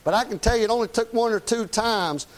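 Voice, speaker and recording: High-voiced preacher man. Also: fast talker. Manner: folksy, plain-spoken and emphatic. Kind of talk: conversational sermon.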